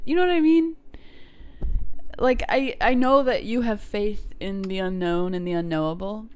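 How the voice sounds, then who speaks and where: A woman's voice: medium pitch, normal speed, clear, resonant tone. A woman co-hosting a podcast in casual chat, musing in a laid-back way and cracking crude jokes. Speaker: podcast co-host.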